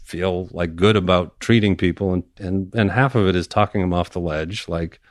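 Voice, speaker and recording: Deep-voiced, easygoing surgeon, a man. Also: moderate pace, no room sound, studio quality. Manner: relaxed, easygoing, many fillers. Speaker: orthopedic surgeon guest. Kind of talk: casual interview chat.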